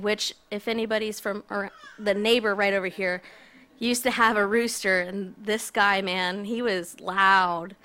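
A woman's voice: medium pitch, steady tone, unhurried, pushed and bright. Casual, chatty woman preacher. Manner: casual, conversational, self-deprecating. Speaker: guest preacher. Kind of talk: sermon.

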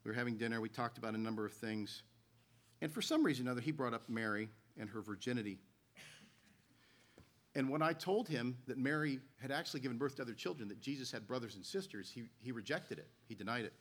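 A man's voice: medium pitch, fast talker, fairly bright tone. A man preaching a sermon as a pastor, telling stories and reading scripture aloud in an earnest way.

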